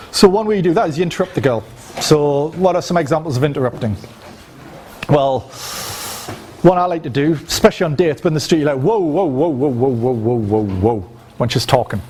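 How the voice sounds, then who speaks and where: Guy coaching a room, loose and sweary, keeps saying right?, voice sits a bit high, faint hiss behind. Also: a little mellow. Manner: loose, chatty and profane, with frequent "right?" tags and physical demonstrations. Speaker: dating coach teaching a seminar. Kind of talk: casual seminar lecture. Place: room with a live audience.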